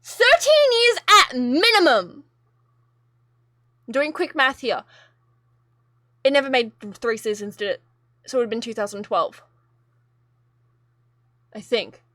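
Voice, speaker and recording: A woman's voice: on the high side, normal speed, pauses often, a bit bright, dry recording, studio quality. A young woman streamer talking casually to her live chat, ranting in an exasperated, rambling way, with plenty of swearing.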